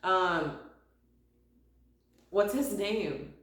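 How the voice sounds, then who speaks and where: A young woman guesting on a podcast in casual chat, relaxed and quick to laugh. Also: mid-range voice. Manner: laid-back, reactive, laughs easily. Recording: very echoey room.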